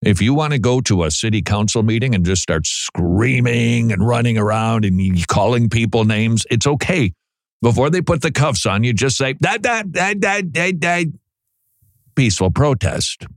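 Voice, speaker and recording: Sarcastic radio host guy from minnesota, lowish voice, dry studio sound. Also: normal speed, no echo. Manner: sarcastic, mocking, with repeated words and restarts. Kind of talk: talk radio monologue.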